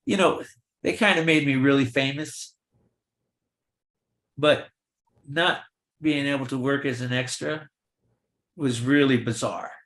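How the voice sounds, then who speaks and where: Older male guest, mid-range voice, spins lively anecdotes and plays every part in the dialogue himself; roomy, echoey recording. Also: medium pitch, measured pace, pauses often. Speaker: guest, veteran film extra. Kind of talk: storytelling in a virtual Q&A. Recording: roomy echo.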